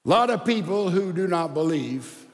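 An older man preaching a sermon as pastor, swinging from loud emphasis to hushed, near-whispered lines. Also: high-pitched, expressive, gravelly, long reverb tail, a little hiss or hum. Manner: slow, deliberate delivery with long pauses.

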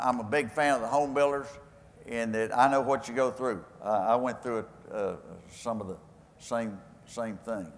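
An older man with a West Texas accent, telling folksy, rambling stories with homespun sayings to a live audience. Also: mid-range voice. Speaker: guest speaker. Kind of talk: storytelling talk to a live audience. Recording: echoey hall with faint ambience.

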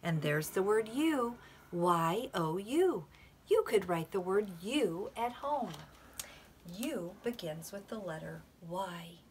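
A woman teacher leads a video class for small children. She speaks very slowly and gently. She sometimes slips into a soft whisper, and there is a faint hiss in the background. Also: medium pitch, recorded from a distance. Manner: gentle, slow, dips into whispers. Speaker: kindergarten teacher.

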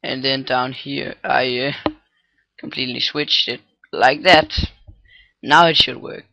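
Tutorial guy, very slow and gravelly, muttering through fillers and restarts, dull dry cheap-mic sound. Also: fairly even intonation, pushed and bright, no echo. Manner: halting, thinks aloud, many fillers and restarts. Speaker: scripting tutorial maker. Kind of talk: casual screen-recorded coding tutorial. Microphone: cheap computer microphone. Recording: dull, low-quality microphone.

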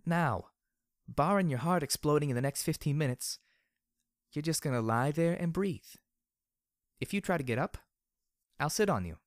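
A man's voice: a little high, animated, normal speed, long pauses, dry recording, clean studio sound, pitched above the performer's own voice, lightly acted. Man doing a cocky brutal mare mercenary. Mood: bossy. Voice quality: slightly slurring. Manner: cocky, crude, teasing. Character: brutal cheerful armored female pony mercenary. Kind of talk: audiobook character voice.

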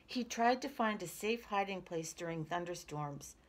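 A woman reading a children's picture book aloud in a lively, expressive way. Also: lowish voice, moderate pace. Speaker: storyteller.

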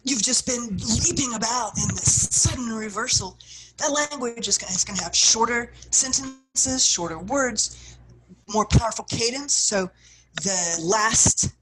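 A woman teaching a writing workshop, guiding her listeners through exercises and acting out the feelings she describes, with phrases that often trail off softly. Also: fairly high pitch, breathy edge, poor audio. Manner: expressive, acts out what she describes, soft trailing phrases. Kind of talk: guided workshop instruction.

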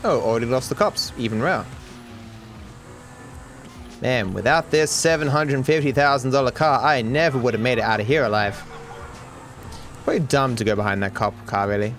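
With soft music in the background, an Australian man commentates a video game live at a moderate pace, leaving long pauses; his medium-pitched voice has a fairly bright tone. Anxious and stammering, he repeats words and swings into moments of panic.

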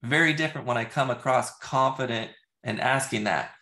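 A man working as a real estate agent, teaching in a loose, casual way, full of fillers like "you know" and "like", and trying sales questions out loud. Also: medium pitch, moderate pace. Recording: roomy echo.

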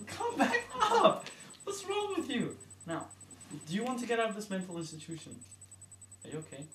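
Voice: medium pitch, expressive, fast talker, natural voice. A performer playing a put-upon institution worker who questions patients and gets exasperated, in an amateur comedy sketch. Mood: flustered. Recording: echoey, distant, noisy room.

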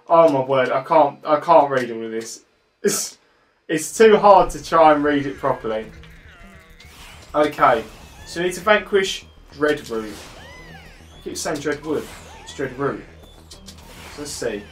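Male gameplay commentator, upper-middle pitch, casual and excitable, stumbles a little when reading aloud. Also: unhurried, pauses often, faint music behind.

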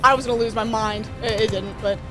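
A woman streamer giving casual, excitable commentary as she plays a shooter, laughing often and talking to the game. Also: a little high, a little fast. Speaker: gaming streamer. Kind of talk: casual let's-play commentary. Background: game music and gunfire.

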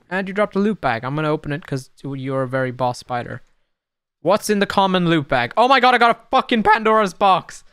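A young man giving casual, excitable gameplay commentary, talking to the creatures on screen and swinging between muttering and sudden shouts. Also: on the high side, clean tone, no room sound. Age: young adult. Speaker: gaming YouTuber.

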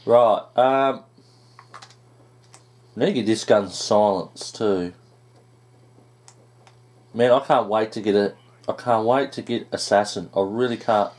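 A man giving excited gameplay commentary, groaning at setbacks and swearing now and then. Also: on the low side, takes it slowly, long pauses. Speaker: gaming YouTuber.

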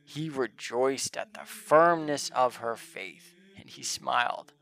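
A man reverently narrating the life of a saint in measured, archaic English. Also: mid-range voice, creaky, a bit bright. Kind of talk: solemn scripted reading of a hagiography.

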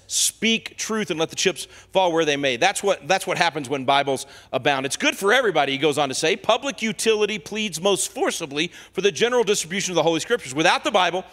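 Fiery high-voiced male preacher, echoing hall. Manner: impassioned, swings from soft asides to loud declarations. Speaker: guest speaker. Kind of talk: fiery sermon. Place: church sanctuary.

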